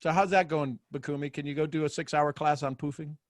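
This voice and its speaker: A man hosting a casual group coaching chat, playful and animated and laughing often. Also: a little high, fast talker, background noise. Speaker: host.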